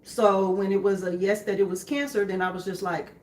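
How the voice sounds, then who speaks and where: A young woman telling her story to her husband in a calm, matter-of-fact way, with many fillers. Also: medium pitch, a little fast, roomy sound. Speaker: co-host, wife. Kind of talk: candid conversation with her husband.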